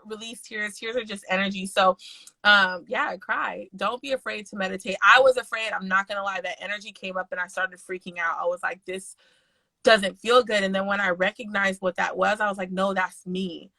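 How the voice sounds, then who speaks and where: Young woman, mom co-host, blunt and profane, bright forceful voice, dry close sound. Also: mid-range voice, brisk, vocal fry, dry recording, poor audio. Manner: frank, profane, animated storytelling. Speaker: podcast co-host. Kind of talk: candid casual chat.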